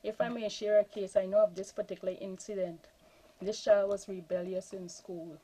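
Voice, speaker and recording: A woman's voice: mid-range voice, normal speed, poor audio. A woman, a former school counselor telling a case story on a panel. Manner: animated anecdote telling.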